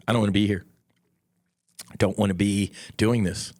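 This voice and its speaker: A man's voice: fairly low pitch, steady tone, normal speed, long pauses, no echo, studio quality. Blunt, impassioned middle-aged male podcaster. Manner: blunt, impassioned, swears freely. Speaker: podcast host. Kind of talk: solo podcast monologue.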